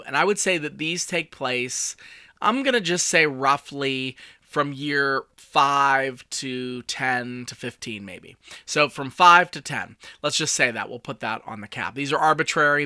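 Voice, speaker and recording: A man in his forties coaching listeners on his own podcast, talking casually and telling stories with self-deprecating asides. His voice is very bright and a little high for a man. The recording is dry and close, with no room sound. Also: no echo. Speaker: communication coach and podcast host. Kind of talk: casual solo podcast talk.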